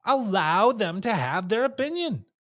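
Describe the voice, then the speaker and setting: A man's voice: sits high, sing-song, unhurried, a bit bright. A man giving a casual talk on communication, repeating his points and acting out little quotes. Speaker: communication speaker.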